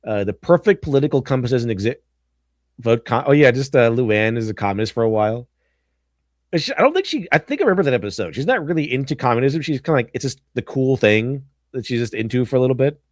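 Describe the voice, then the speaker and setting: A stream host with an expressive, medium-pitched voice talks fast in an echo-free, studio-quality recording. Hosting a casual livestream, he reads memes aloud, giggles often and goofily slips into silly voices.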